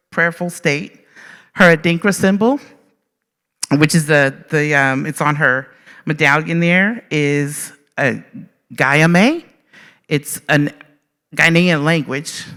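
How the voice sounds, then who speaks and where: A woman artist tells a story to a live audience with bright, forceful energy. She talks in a humorous, animated way and speaks straight to the crowd. Her voice carries a long reverb from the large room she is speaking in. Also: deep voice. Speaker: artist giving a public talk. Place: event space with audience.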